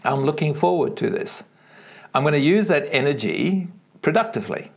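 A middle-aged Australian man, a keynote speaker, telling animated stories in an interview and acting out the voices of the people in them. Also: moderate pace, vocal fry, breathy edge. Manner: acts out quoted voices with big pitch swings, repeats words.

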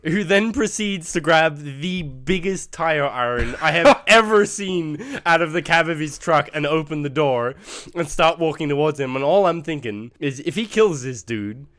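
A man's voice: a little high, moderate pace, hardly any pauses, dry recording, studio quality. A young man casually telling a story about his job to a friend, laughing now and then. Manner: laughs while telling, relaxed. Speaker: friend, steel-company worker.

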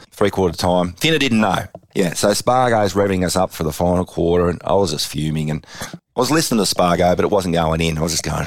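An Australian man and former footballer telling an animated story in an interview, slipping into lively acted quotes. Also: low-pitched, fairly quick, no room sound. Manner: animated yarn-spinning with laughs and acted quotes. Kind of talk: interview anecdote.

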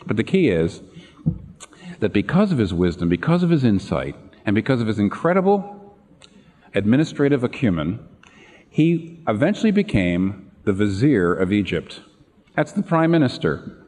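Animated preacher in a reverberant hall. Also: male voice, fairly low pitch, moderate pace. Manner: animated storytelling, acting out quoted lines. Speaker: pastor. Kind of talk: sermon retelling a Bible story.

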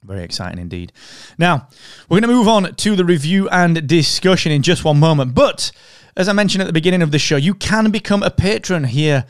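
Podcast host, man, smooth clear voice, dry close sound, relaxed talk. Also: a little high, a little fast, hardly any pauses, no room sound. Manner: relaxed and conversational, drifting into an upbeat show plug. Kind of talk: casual chat.

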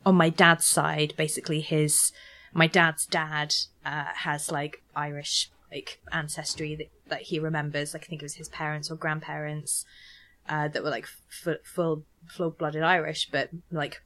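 A woman's voice: deep voice, flat delivery, unhurried, a bit bright. A young woman chatting casually, full of fillers and restarts. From United Kingdom. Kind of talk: casual chat.

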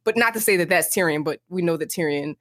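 A woman co-hosting a podcast, rambling in an animated way, with many uses of "like". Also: lowish voice, quick pace, no room sound, studio quality. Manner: rambling, animated, heavy use of filler "like". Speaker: podcast co-host. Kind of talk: casual chat.

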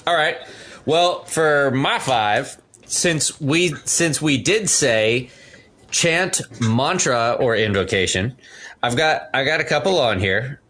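A man's voice: mid-range voice, lively intonation, slow pace, fairly bright tone. Mid-voiced guy on a podcast, easygoing, tossing out movie quotes. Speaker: podcast co-host. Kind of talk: casual chat.

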